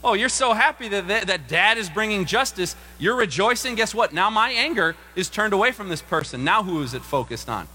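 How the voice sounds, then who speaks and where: Animated preacher man, high bright voice. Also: fairly quick, few pauses, slight background noise. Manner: animated, acts out quoted voices with big pitch jumps. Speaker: pastor. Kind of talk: sermon. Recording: long reverb of a large room.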